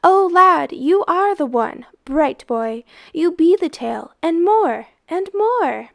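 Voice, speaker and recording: A woman voicing a mysterious older dark man in a storybook, exclaiming loudly. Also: extremely high pitch, animated, slow, creaky, voice pushed up, full character voice. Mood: exultant. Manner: loud, exclaiming.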